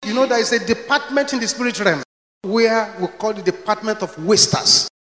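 A male preacher tells his stories with emphatic, storytelling force. His voice sits high for a man. It echoes around a large reverberant hall. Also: a little fast. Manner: storytelling, emphatic, rising to shouts. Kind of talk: sermon.

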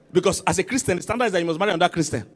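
A man preaching as senior pastor in a church, swinging from loud calls to quiet emphasis and asking the congregation to respond. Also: high voice, slightly rough. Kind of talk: sermon.

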